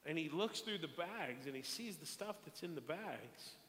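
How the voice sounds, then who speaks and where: A man preaching a sermon, telling a story in an animated way and repeating words as he goes. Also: fairly high pitch, moderate pace. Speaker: pastor. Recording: echoey hall, long reverb, faint hiss.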